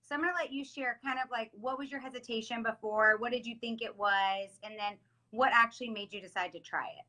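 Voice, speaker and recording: Woman, live stream host, bright voice, slightly high, gushing and upbeat, video call audio. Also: fairly quick. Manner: upbeat, gushing, keeps saying excited. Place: home in South Florida.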